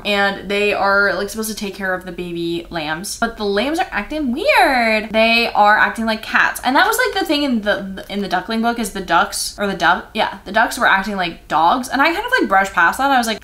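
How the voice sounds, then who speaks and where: A young woman recapping children's books in a casual, sarcastic chat, full of filler words and sudden jumps in pitch. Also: a bit bright. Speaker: book vlogger.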